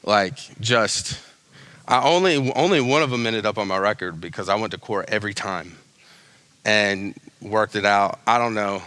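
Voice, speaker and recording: Young man, pastor, casual animated sermon, slangy, bright, dry close sound. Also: fairly low pitch, normal speed, no echo.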